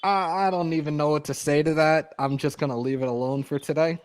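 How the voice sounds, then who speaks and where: A man's voice: fairly high pitch, fairly even intonation, a little fast, dry recording. Congested man chatting on a live stream. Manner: loose, profane, laughing banter. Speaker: co-host of live fan show. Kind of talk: casual live-stream chat.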